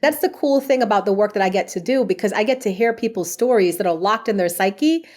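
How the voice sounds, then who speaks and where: A woman speaks as a podcast guest, earnest and chatty, telling stories about her spiritual work. Her voice sits at an ordinary middle pitch, and her talk is loose, with casual fillers. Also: fairly quick, darkish tone. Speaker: guest, spiritual medium and past life regression therapist. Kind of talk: podcast interview.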